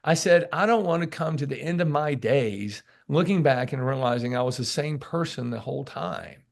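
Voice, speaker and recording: A man's voice: medium pitch, moderate pace, creaky. A man talking as a guest in a casual interview, telling emphatic stories and acting out what people say to him. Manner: animated storyteller who acts out what people say; emphatic and preachy, repeats key words. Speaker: podcast guest, sales author.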